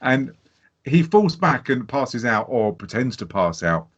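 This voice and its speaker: A man co-hosting a podcast, chatting casually about a film, animated and laughing, swearing freely. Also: medium pitch, unhurried. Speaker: podcast co-host. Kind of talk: casual film review chat. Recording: dull lo-fi sound.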